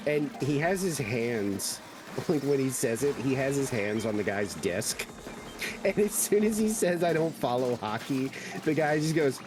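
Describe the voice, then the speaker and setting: A man's voice: medium pitch, very animated, measured pace, background noise. A man streaming a game, chatting casually and rambling through stories with lots of fillers. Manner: rambling storyteller with many fillers. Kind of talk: casual chat while gaming.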